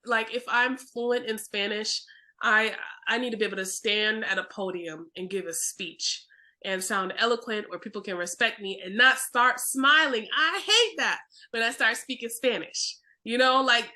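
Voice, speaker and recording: Bright-voiced excitable woman podcast host. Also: a little high, normal speed. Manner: excitable, laughs often, playful. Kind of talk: casual chat.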